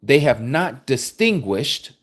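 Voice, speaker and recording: A man preaching a sermon, reading scripture aloud and explaining it with forceful rhetorical questions. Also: mid-range voice, big pitch swings, slow pace.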